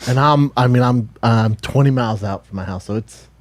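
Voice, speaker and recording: A man's voice: medium pitch, a little fast, no echo. A man telling a rambling anecdote on a podcast, in a clip played back, repeating himself often.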